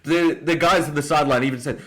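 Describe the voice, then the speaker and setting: A young Australian man giving an opinionated, excitable casual breakdown of fights, often jumping up in pitch for emphasis. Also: fast talker. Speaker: MMA commentator.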